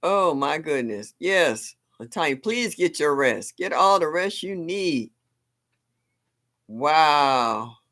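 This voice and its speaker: A woman's voice: low-pitched, expressive, slow pace, a bit bright. Older woman, live-stream host, folksy, exclamatory, laughs a lot. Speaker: livestream host. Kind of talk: casual live-stream chat.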